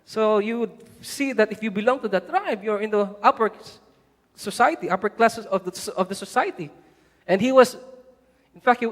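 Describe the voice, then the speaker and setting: High-voiced male pastor in a reverberant church. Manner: animated preaching, rising loud for emphasis; conversational, frequent "right?" asides. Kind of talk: sermon. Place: church hall. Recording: long church-hall reverb.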